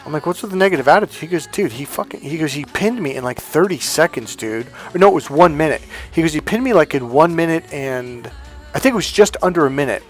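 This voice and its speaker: A man telling a personal story as a motivational coach, animated and swearing freely, acting out quoted dialogue loudly. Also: fairly high pitch, quick pace, faint music behind. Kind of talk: casual storytelling monologue.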